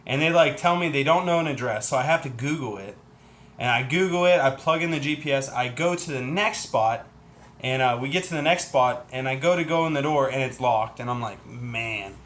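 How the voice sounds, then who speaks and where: Guy on a livestream telling a long story, super chatty, keeps acting out what people said, voice not too high not too low. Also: brisk. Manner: animated, chatty, acts out other people's lines. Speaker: livestream host.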